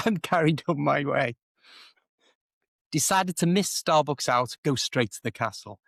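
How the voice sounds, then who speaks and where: A man's voice: fairly high pitch, animated, a little slow, no room sound, clean studio sound. A man with a Liverpool accent, an English teacher and co-host, telling stories in a casual, self-deprecating way. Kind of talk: casual conversation, storytelling.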